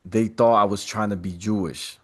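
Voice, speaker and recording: A man who is a guest on a podcast, telling animated personal stories in a casual, slangy, streetwise way. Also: lowish voice, normal speed.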